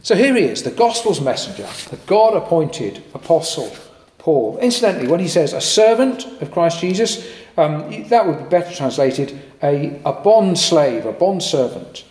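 A man preaching a sermon in a lively, conversational way with occasional fillers and jokey asides. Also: a little high, moderate pace. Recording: echoey hall with long reverb.

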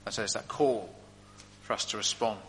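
A man preaching a sermon with animated storytelling, in a long hall reverb. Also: lowish voice, normal speed, slight background noise. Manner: animated storytelling, vivid examples.

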